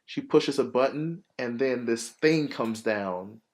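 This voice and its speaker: A man hosting a podcast, casually retelling a movie plot in a rambling, profane, animated way full of fillers. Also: mid-range voice, slow pace. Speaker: podcast host.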